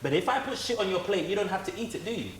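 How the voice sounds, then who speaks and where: A man's voice: high-pitched, animated, rapid-fire. A man in casual podcast chat, arguing his point in an earnest, insistent way and often repeating himself. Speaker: podcast co-host. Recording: echoey room, faint hiss.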